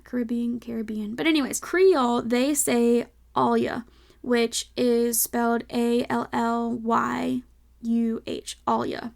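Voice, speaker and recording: Chatty young woman with gravelly fry. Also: fairly high pitch, darkish tone. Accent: light Southern American. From American South. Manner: chatty, many "like" fillers, self-questioning asides. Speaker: podcast host. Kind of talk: casual solo podcast talk.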